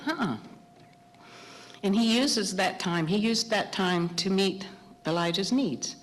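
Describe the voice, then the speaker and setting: A middle-aged woman preaching a sermon, telling a story with animated, acted-out dialogue. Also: medium pitch. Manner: animated storytelling, acting out dialogue in raised voices. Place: church sanctuary. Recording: long hall reverb.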